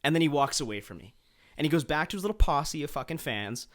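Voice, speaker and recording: Talking fast, with a voice on the high side that sounds animated and slightly bright, this podcast co-host spins a long, meandering anecdote. It's a casual chat packed with profanity and frequent restarts.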